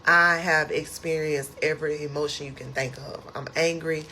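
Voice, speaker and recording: A woman telling a personal story in a casual, animated storytime style, acting out her own outbursts. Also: low voice, moderate pace, slight background noise. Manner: animated, emotional retelling with lively quoted outbursts.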